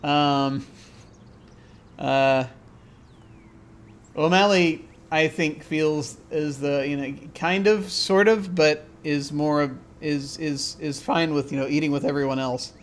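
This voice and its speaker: Man game master, higher voice, halting and rambly narration. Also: steady tone. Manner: halting, rambling, with many fillers. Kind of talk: narrating a tabletop role-playing game.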